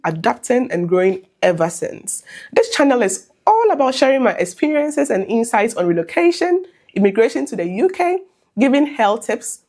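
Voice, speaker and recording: A Ghanaian woman nurse, hoarse from a cold, talking through a scripted vlog with a clear, measured delivery. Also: fairly high pitch, a little mellow. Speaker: vlogger, nurse.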